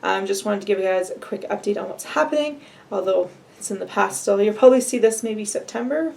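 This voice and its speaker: A young woman talks straight to her camera in a loose, rambling update. Her voice sits at an everyday pitch with a gravelly, fry-edged texture. She laughs now and then as she talks. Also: fairly quick, warm tone. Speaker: adoption vlogger. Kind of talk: casual solo vlog update.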